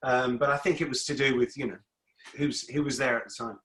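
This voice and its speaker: A man's voice: medium pitch, steady tone, a little fast, a bit bright. A middle-aged man talking as a guest in a casual interview, rambling and repeating words as he restarts his sentences. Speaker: guest musician.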